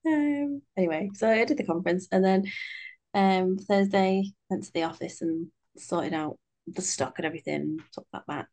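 A young British woman co-hosts a podcast, chatting casually and rambling with plenty of fillers. Her voice is medium-pitched with a darkish tone and a moderate pace.

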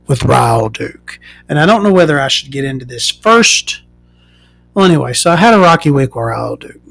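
Male actor as a crude woman podcast host, rambling and profane, pitched a bit high. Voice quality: rambling, profane, full of fillers. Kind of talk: improvised comedy monologue.

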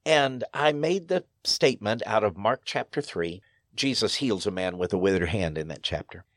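A man's voice: fairly low pitch, expressive, normal speed, no echo, studio quality. A man, a pastor, telling stories in an interview in an earnest, emphatic way, his voice rising sharply on key phrases. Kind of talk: storytelling interview.

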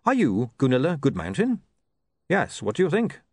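A man's voice: mid-range voice, wildly swooping pitch, moderate pace, breathy edge, no echo, clean studio sound, voice pushed up, exaggerated voice. A man voicing an earnest, flustered young writer who talks politely and hesitantly.

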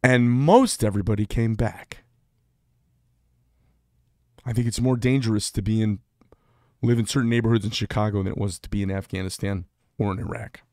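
A middle-aged man speaks in a low register, blunt and unpolished, often doubling back mid-sentence. The sound is dry and close, with no room echo. He talks straight to the camera in a candid personal monologue. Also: steady tone, moderate pace, pauses often, darkish tone. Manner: blunt, rambling, self-interrupting. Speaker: veteran vlogger.

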